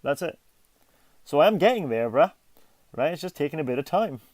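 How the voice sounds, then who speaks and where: A man's voice: a little high, very animated, normal speed, a little mellow, dry recording. A man in his thirties from the UK, co-hosting a casual podcast, joking and teasing with lots of laughter. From United Kingdom. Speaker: podcast co-host.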